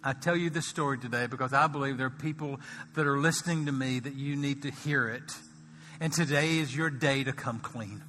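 A man preaching a sermon as pastor, swinging from soft, slow lines to loud, high-pitched emphasis. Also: in a large hall, slight background noise.

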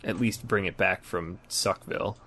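A man's voice: low voice, fairly even intonation, moderate pace, pushed and bright, slight background noise. A man co-hosting a gaming podcast in loose, joking casual chat, often trailing off mid-sentence. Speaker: podcast co-host.

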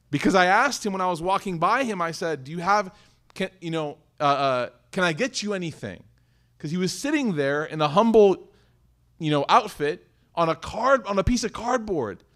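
Animated man giving a sermon. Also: high voice. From United States. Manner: animated, conversational, rhetorical questions. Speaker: Islamic teacher. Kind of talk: sermon lecture with personal story.

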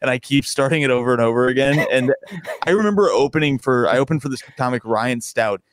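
A man's voice: medium pitch, quick pace, noisy background. A man, a stand-up comedian, chatting casually in a podcast interview, rambling and restarting his sentences and laughing often.

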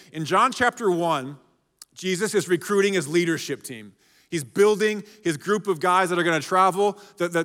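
A man's voice: sits high, a bit bright. A man preaching a sermon as pastor, conversational and often checking in with the congregation. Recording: echoey hall reverb.

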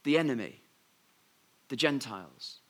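A man preaching a sermon, retelling scripture with lively humour and playful asides. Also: mid-range voice, a little slow. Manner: lively storytelling with humorous asides.

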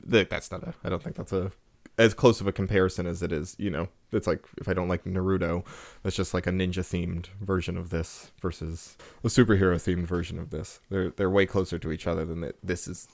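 A man's voice: low-pitched, level tone, fairly quick, gravelly, no echo. A man co-hosting a podcast, chatting in a teasing way and calling himself a hater. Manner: teasing, self-described hater. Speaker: podcast co-host. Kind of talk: casual chat.

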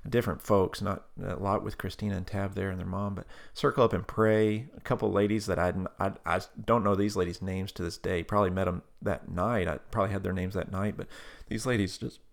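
A man telling a personal story in a relaxed conversational way, with many fillers and restarts and bursts of animated delivery. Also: sits low, a little fast, creaky. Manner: animated, breaks into loud excited quotes.

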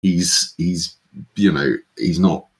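Casting: male game master, very low voice, halting narration with lots of fillers.

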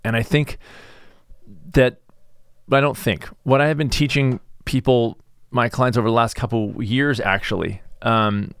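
A middle-aged man hosting his own podcast, speaking in a halting, subdued way as he reflects on grief. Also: mid-range voice, steady tone, clear, resonant tone, no room sound. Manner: halting and searching for words, soft-spoken. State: grieving, subdued. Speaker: podcast host and stress management coach. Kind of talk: reflective solo podcast monologue.

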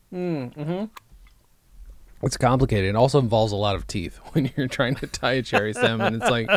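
A man's voice: medium pitch, a little slow, long pauses, no room sound. Podcast host guy, dry teasing humor, mid voice, dry sound. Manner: dry teasing, deadpan asides. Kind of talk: casual comedic chat.

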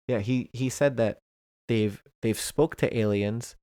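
A man's voice: medium pitch, unhurried, warm tone, dry recording, clean studio sound. A man co-hosting a casual podcast chat, laid-back and laughing easily, swearing casually.

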